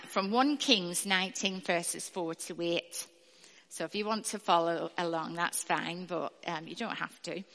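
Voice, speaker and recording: Woman in her 50s chatting a sermon, lots of ums, bright gravelly voice, big hall echo. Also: lowish voice. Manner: chatty, frequent ums and asides. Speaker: speaker at church. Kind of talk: informal sermon with Bible reading.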